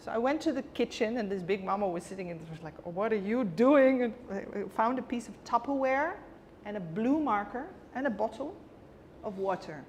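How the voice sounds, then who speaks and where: A woman's voice: mid-range voice, lively intonation, fairly quick. Woman, guest, vivid emotional storytelling, acts out dialogue, long reverb, faint background hiss. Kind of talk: personal storytelling in a conversation.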